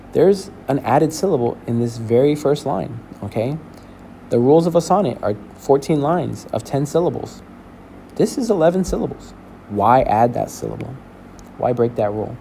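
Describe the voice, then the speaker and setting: A male teacher walking a class through a lesson, explaining slowly and checking in with "okay?". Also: mid-range voice, expressive, gravelly, mellow, slight background noise. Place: school building.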